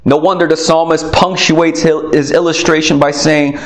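A man's voice: a little high, fairly even intonation. Earnest preacher man, echoey room. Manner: earnest, slow emphatic phrasing with many pauses. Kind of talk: sermon. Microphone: recorded for video.

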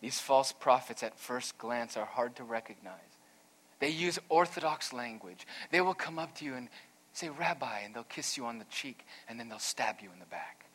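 A man's voice: medium pitch, sharp tone. Earnest man preaching a sermon. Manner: earnest, emphatic, storytelling. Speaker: pastor.

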